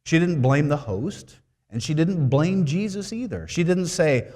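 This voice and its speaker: A man's voice: on the high side, lively intonation, measured pace, few pauses, darkish tone. Conversational male preacher. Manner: conversational, rhetorical questions. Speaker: preaching minister. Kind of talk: sermon.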